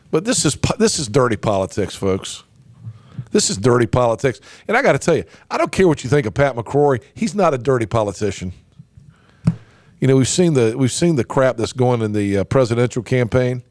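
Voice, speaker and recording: A man's voice: mid-range voice, a little mellow, dry recording. A man hosting a political talk radio show, emphatic and folksy, with lots of fillers and restarts. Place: radio studio. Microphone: studio microphone.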